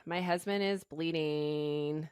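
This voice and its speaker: A woman imitating a drowsy, vapid young woman calling for help, with a slurred, flat and unbothered drawl. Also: deep voice, slow, clear, resonant tone, dry recording, studio quality. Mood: blasé.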